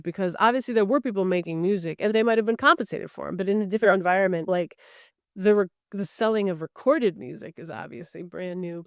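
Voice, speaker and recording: A woman's voice: mid-range voice, no echo, clean studio sound. A middle-aged woman talking as a podcast guest, thoughtful and articulate, with easy laughter. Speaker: guest, recording artist. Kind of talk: podcast interview conversation.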